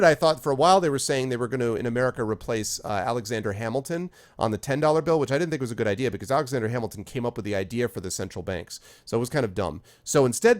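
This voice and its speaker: Guy streaming a game, chatting w chat, voice bouncing all over the place. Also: medium pitch. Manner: animated, rambling, talks to viewers by name. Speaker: streamer reading chat while playing. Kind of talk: casual live-stream chat.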